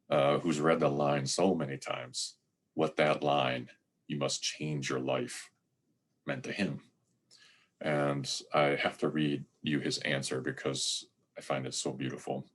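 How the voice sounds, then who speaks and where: Brief: man, very low voice, husky tone, measured and reflective sermon delivery. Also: fairly bright tone. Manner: measured, reflective, reads verse slowly and deliberately. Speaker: lay preacher giving a sermon. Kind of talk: sermon with poetry reading.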